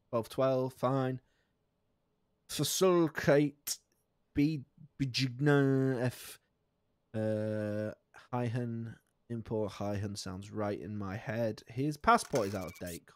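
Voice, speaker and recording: Sweary, jokey man streaming. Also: no echo. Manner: jokey and sweary, laughing often, with sudden high squeaks of outrage. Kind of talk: live gameplay commentary.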